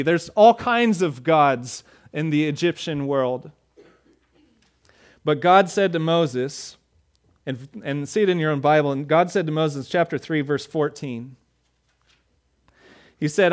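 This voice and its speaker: Guy preaching, kinda high voice, talks it out like a chat, does little voices for the story. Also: a little slow. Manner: conversational preaching, acts out dialogue. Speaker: pastor. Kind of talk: sermon.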